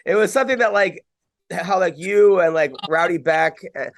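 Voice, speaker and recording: A man with a slightly high voice hosts the podcast, asking long, stumbling questions full of jokes and restarts. His voice sounds dry and close. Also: moderate pace, no room sound. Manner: rambling, stumbling, joking. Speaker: podcast host. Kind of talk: casual podcast interview.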